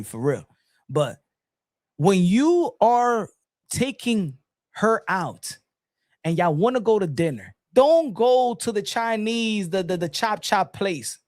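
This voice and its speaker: Shrill, shouting New man. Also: dry recording, studio quality. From New York City. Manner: loud, shouty, profane and taunting. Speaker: online commentator. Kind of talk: mocking comedic rant.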